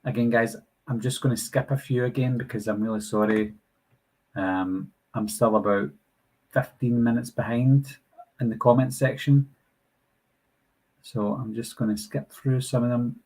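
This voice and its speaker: Scottish guy from glasgow doing a live q&a, husky voice, chatty, reads out chat comments. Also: mid-range voice, steady tone, normal speed, long pauses, darkish tone, poor audio. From Scotland. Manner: chatty, reads out viewer comments, apologetic asides. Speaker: channel host answering live chat. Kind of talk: casual live Q&A.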